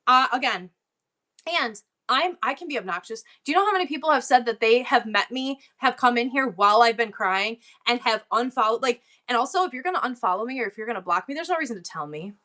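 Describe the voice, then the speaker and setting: A woman's voice: on the high side, sharp tone. A middle-aged woman hosting a livestream sale, talking in a worked-up, rambling and emotional way. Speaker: livestream seller. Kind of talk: casual livestream chat.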